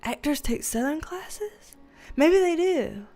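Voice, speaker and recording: High-voiced, laughing livestream host woman. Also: takes it slowly, soft background music. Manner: laughs often, animated and playful. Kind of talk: casual livestream chat reading comments.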